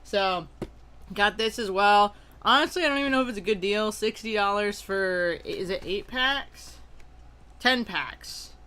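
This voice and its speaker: Young adult stream host, bright tone, upbeat chatter, allergy-sneezy. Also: medium pitch, a little slow, clear, resonant tone. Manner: upbeat, greets viewers by name, frequent loud excited outbursts. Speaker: live-stream host opening trading cards. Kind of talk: casual live-stream chat.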